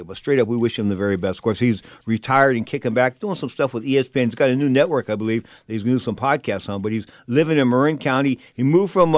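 A man hosting a boxing radio show, telling rambling, animated stories in casual talk. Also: mid-range voice, no echo, studio quality.

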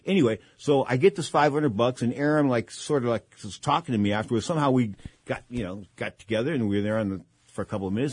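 A man's voice: mid-range voice, fast talker, slightly rough, no room sound. A man in his sixties hosting a radio talk show, telling long, rambling stories that drift from topic to topic. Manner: rambling, digressive storytelling.

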